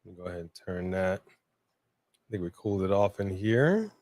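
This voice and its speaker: A man co-hosting a live wrestling watch-along, chatting casually and breaking into shouts and laughter. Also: sits low, moderate pace, dry recording. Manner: excitable, bursts into shouts and laughter. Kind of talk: casual live commentary chat.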